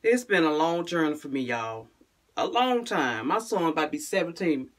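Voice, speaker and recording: A woman vlogging casually to camera. She talks in short, restarted phrases and drops to a low, quiet "guys" or "y'all" at the end of most lines. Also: sing-song, moderate pace. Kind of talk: casual vlog talk to camera.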